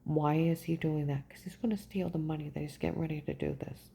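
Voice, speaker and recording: A woman telling a personal story in a rambling, agitated way, often pausing to ask "okay?" and trailing off. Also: low voice, fairly even intonation, gravelly, warm tone. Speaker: vlogger recounting a personal ordeal.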